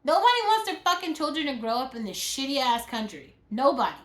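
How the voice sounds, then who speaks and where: A woman with a high, somewhat bright voice rants in a vlog, exasperated and profane, packing her speech with "like." Her delivery is brisk with big pitch swings, and the recording has a roomy echo.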